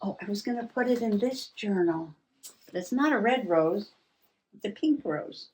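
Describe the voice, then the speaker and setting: A woman hosting a relaxed, chatty journaling vlog at her craft table, musing aloud with soft laughs. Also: mid-range voice, normal speed. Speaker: journaling vlogger. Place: home craft table indoors. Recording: voice a little distant from mic.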